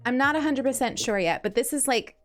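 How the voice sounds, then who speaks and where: A young woman from New York with a light New York accent, chatting casually with her stream audience while she plays, bubbly and quick to laugh. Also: high voice, faint music behind. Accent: New York, softened. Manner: bubbly, chatty, laughs often, restarts words. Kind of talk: casual chat while gaming.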